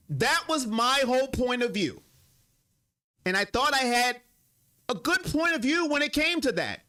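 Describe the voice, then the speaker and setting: A man's voice: very high-pitched, pushed and bright. A young man hosting a sports live stream, chatting casually and emotionally with his viewers. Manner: emotional, talks straight to his chat.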